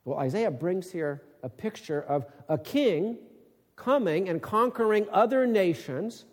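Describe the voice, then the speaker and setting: A man's voice: high-pitched, lively intonation, measured pace, long reverb tail. A man teaching from the Bible in sermon style. He reads scripture aloud, then explains it with rising, emphatic questions. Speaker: preacher.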